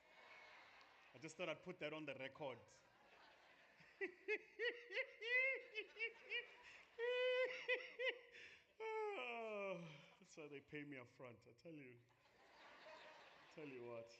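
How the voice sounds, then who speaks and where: A man's voice: a little high, huge pitch swings, normal speed, fairly bright tone, slight background noise. A South African man in his forties, giving a joking conference keynote talk straight to the crowd from the stage. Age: 40s. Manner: joking, playful, addresses the audience directly. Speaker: keynote speaker.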